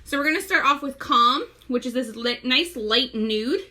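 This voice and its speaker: A woman's voice: sits high, normal speed, pushed and bright. A young pregnant woman hosting a casual live makeup tutorial, chatty, greeting viewers by name and often short of breath. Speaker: makeup seller and live-stream host.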